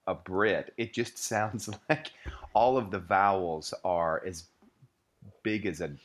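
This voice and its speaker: Lower-voiced male co-host, wry playful delivery. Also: takes it slowly. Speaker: podcast co-host. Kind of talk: casual book-club chat.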